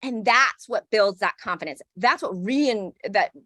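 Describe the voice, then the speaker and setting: A woman's voice: mid-range voice, a little slow, sharp tone, no echo, studio quality. A woman co-hosting a parenting podcast, talking in a reflective, affirming way and often checking in with "right?". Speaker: podcast co-host. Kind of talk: casual conversational chat.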